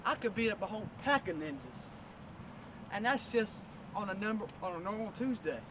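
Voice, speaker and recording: Guy with a high voice rambling and bragging, lots of loud background noise. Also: lively intonation, brisk. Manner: rambling, folksy, mock-boastful. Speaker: comedy show host. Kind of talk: deadpan comedic monologue.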